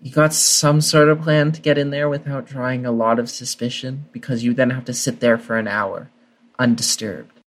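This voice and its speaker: A man's voice: medium pitch, fairly even intonation, normal speed. A man playing a tabletop role-play game, asking skeptical, practical questions. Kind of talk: casual role-play chat.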